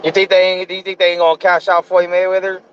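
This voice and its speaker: A man with a notably high voice, asking pointed questions in a barbershop conversation. The sound is slightly muffled. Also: flat delivery, fast talker, clean tone. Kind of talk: casual barbershop chat.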